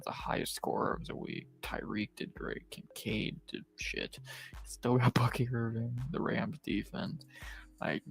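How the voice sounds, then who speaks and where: A man hosting a live stream, recapping his fantasy football league in a low, laid-back monotone with plenty of profanity. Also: gravelly. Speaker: stream host. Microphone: streaming setup, close mic.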